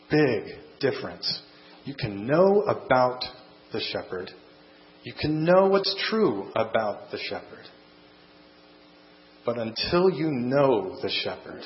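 A man preaching a sermon and closing in prayer, earnest and measured, speaking in short phrases. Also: on the low side, roomy sound. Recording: dull lo-fi sound with faint mains hum.

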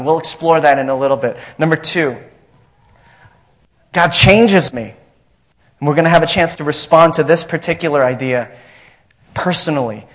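Man, pastor, sermon, emphatic, repetitive, higher voice, muffled recording. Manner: emphatic, repetitive, asks congregation questions.

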